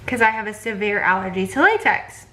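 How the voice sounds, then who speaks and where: A woman's voice: mid-range voice, animated, a little fast, pushed and bright, poor audio. A young pregnant woman, chatting casually in a vlog and retelling a bad appointment with lots of fillers. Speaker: vlogger.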